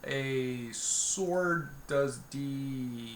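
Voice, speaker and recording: A man's voice: a little high, takes it slowly, bright, forceful tone, a little hiss or hum. A man narrating a solo tabletop game in a loose, rambling way, often restarting his sentences. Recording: roomy echo.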